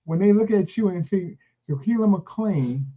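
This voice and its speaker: A man co-hosting a casual podcast conversation, relaxed and asking probing questions. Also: high-pitched, moderate pace, narrow, tinny audio. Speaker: podcast co-host.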